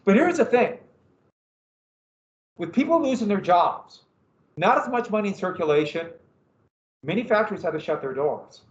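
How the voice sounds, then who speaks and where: Animated high-voiced male history teacher. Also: normal speed, long pauses. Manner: animated, asks the class questions. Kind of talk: classroom lecture. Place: classroom. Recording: dull, roomy, from a distance.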